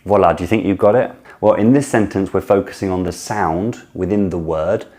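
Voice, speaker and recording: A man teaching French pronunciation in a casual video lesson, saying sounds slowly, repeating them and cheering the learner on. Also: low-pitched, a little mellow.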